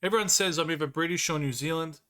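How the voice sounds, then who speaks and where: A young Australian man with a Victorian accent chats casually with viewers on a live stream, laughing often and sounding bemused. His voice is a little high, pushed and bright, and he talks fast.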